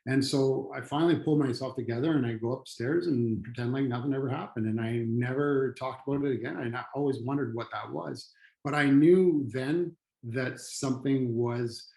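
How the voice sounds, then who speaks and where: A middle-aged man, a retired firefighter who now trains people on trauma and resilience, telling a personal story in a halting, earnest way with frequent restarts. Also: medium pitch, vocal fry, darkish tone, reverberant, low-quality recording.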